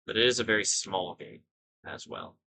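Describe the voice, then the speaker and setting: Thinking aloud over his own gameplay, a gaming video host offers casual commentary full of rambling asides and self-corrections. His low voice rings bright and forceful, with a sing-song lilt, vocal fry and normal speed. The recording is low quality and slightly rough.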